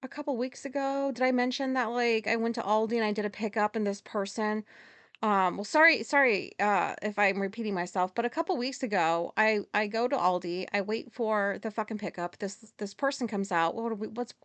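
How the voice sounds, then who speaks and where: A woman hosting a podcast and telling a story at home in a rambling, profane way. She corrects herself often and gets loud and agitated as she retells a conflict. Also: mid-range voice, dry recording. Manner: rambling, heavy swearing, quick self-corrections. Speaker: podcast host. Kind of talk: casual storytelling monologue.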